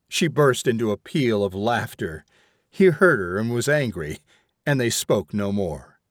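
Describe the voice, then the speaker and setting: A man narrating a story in a measured, expressive reading. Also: fairly low pitch, no echo, clean studio sound. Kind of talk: audiobook narration.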